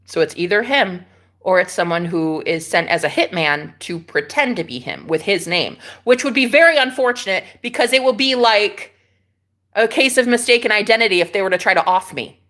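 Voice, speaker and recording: Sassy, animated woman chatting live. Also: mid-range voice, normal speed. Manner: sassy, animated and laughing, talks back to viewers' comments. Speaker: livestream host. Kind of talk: casual spiritual livestream chat. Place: rented room indoors.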